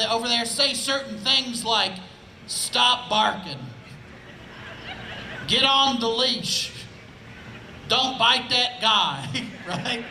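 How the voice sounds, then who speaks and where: Working an outdoor festival stage, this Indianapolis comedian keeps his live stand-up relaxed and chatty, frequently tossing in "right?". He speaks in a very high, sharp voice. The audio is poor, echoing in the room and carrying a bit of hiss or hum.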